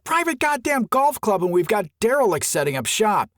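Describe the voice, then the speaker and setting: A man's voice: high-pitched, moderate pace, dry recording, clean studio sound, pitched above the performer's own voice. Steve, a man doing a hotheaded golf buddy. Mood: agitated. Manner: excited, indignant outbursts. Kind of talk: audiobook character voice.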